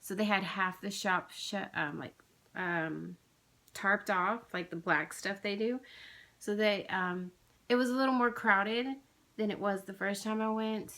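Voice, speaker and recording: A woman's voice: medium pitch, a little slow, bright, forceful tone. A woman, rambling chattily with lots of fillers as she vlogs about her craft haul. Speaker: flosstube vlogger. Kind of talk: casual chatty haul video.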